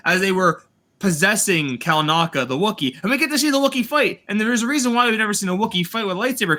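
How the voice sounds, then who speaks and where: A man hosting a casual review chat, retelling scenes in an animated, sarcastic way with swearing. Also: high voice, brisk. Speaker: host reviewing a TV series.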